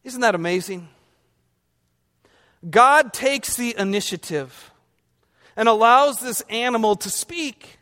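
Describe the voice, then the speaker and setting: Very high-voiced pastor in reverberant church. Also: male voice, lively intonation, slow, long pauses, pushed and bright. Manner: conversational, quizzes the congregation, humorous asides. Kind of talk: sermon.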